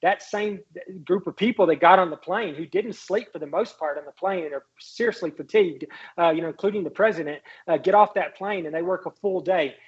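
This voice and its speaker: A man recounts a story as an interview guest, rushing through it with plenty of fillers and restarts. His voice is husky and sits a little high for a man. The recording sounds slightly dull and lo-fi. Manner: animated anecdote, quotes others, many fillers and restarts. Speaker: guest, congressman and former White House doctor.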